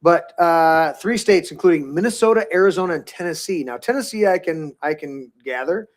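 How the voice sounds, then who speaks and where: A man hosts a political talk podcast, his voice fairly high and his speed normal. He rambles loosely and casually, swearing freely and restarting often.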